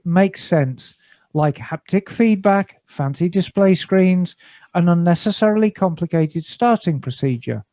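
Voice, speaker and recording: A man's voice: high voice, dark tone, no echo. A man co-hosting a casual motorcycle podcast from a garage studio, reading a listener email aloud with jokey, dry asides. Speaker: podcast co-host.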